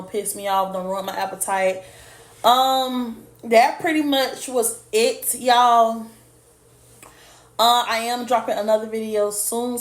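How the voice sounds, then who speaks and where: A woman vlogger and parent heatedly retelling a school incident to her viewers in a casual storytime. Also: medium pitch. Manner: heated, indignant retelling with lots of direct address. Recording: echoey room.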